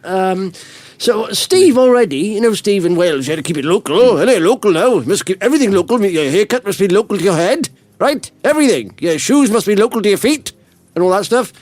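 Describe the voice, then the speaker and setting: A male podcast host who jokes and banters with an animated, laughing delivery. His voice sits high and swings widely in pitch, recorded dry and close with no room sound. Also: a little fast, no room sound, soft background music. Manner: jokey, animated, lots of restarts and laughs. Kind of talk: casual banter.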